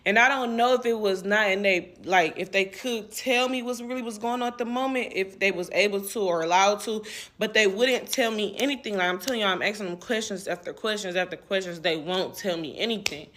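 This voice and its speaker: A woman's voice: medium pitch, fairly quick, fairly bright tone. A young woman telling her own painful story in casual, emotional talk, rambling and repeating herself with many fillers.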